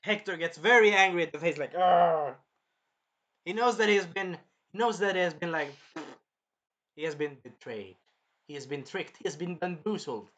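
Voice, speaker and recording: Guy reviewing an episode, kinda high voice, rambles, swears a bit. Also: a little fast, sharp tone. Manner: rambling, repeats himself, swears. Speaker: show reviewer.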